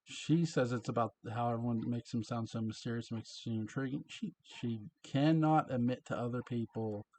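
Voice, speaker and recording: Male reviewer, mid-pitched, conversational episode recap with wry chuckles. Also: warm tone. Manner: chatty, chuckles at his own asides. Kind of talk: casual recap and commentary.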